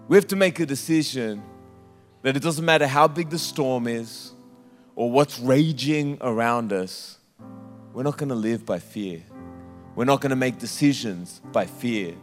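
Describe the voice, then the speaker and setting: A man preaching a sermon in a church, with impassioned, sometimes sung, drawn-out phrases. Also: mid-range voice. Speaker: pastor. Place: church hall. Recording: live church hall with reverb and soft instrumental music. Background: soft instrumental music.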